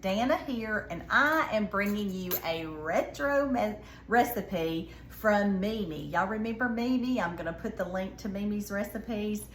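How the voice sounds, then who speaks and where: Southern woman, home cooking host, chatty and folksy, mid pitch, roomy kitchen sound. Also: animated, unhurried, a little hiss or hum. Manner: chatty, folksy, addresses viewers as y'all. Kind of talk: casual cooking demonstration.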